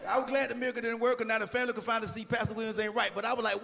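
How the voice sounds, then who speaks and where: A male stand-up comic with a fairly high voice, telling stories in an animated, playful way and slipping into preachy asides. The sound carries a long hall reverb from a large live venue, with faint room noise underneath. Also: very fast, gravelly. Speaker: stand-up comedian.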